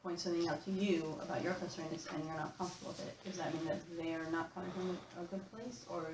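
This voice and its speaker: A woman's voice: lowish voice, fairly even intonation, fast talker. A woman student asking tentative questions during a class. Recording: distant, echoey, noisy.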